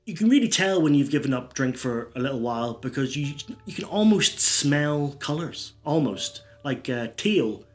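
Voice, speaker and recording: A man's voice: fairly high pitch, very animated, moderate pace, few pauses. Brief: man, absurd one-liner stand-up, rambling delivery, faint music behind. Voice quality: rambling, self-interrupting. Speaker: stand-up comedian.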